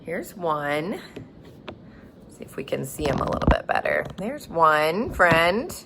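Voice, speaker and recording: A woman's voice: sing-song, slow pace, creaky, noisy background. A woman teaching young children in a virtual circle time lesson, talking in an exaggerated, sing-song teacher voice. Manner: exaggerated, sing-song teacher talk with big pitch leaps. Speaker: preschool teacher.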